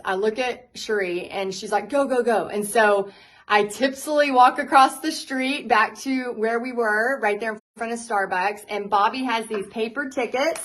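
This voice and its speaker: A woman, a paint party instructor telling her story to viewers in a candid, animated way, laughing often. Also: fairly high pitch, rough recording.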